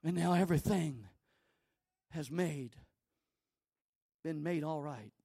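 A male preacher voicing Jesus, who blesses a healed woman in slow, swelling, emphatic proclamations. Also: on the high side, gravelly, warm tone, slightly rough, no echo, clean studio sound, pitched below the performer's own voice, exaggerated voice. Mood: tender.

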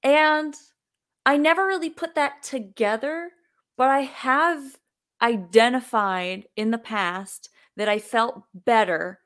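A woman's voice: fairly high pitch, a bit bright. A woman hosts a podcast conversation in a slightly raised voice. She talks casually and relatably, leaning on filler words as she thinks aloud. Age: adult with children.

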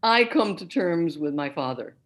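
Older female guest; articulate, measured speaker, slightly low voice. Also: lively intonation. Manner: clear, deliberate, articulate speech. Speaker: concert narrator, guest. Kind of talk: interview conversation.

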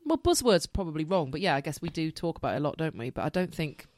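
A woman co-hosting a casual podcast, who thinks aloud and fills her pauses with hesitations. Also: low-pitched, very animated, darkish tone, dry recording, studio quality. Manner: thoughtful and hesitant, full of fillers. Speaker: podcast co-host, social worker. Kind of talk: casual chat among friends.

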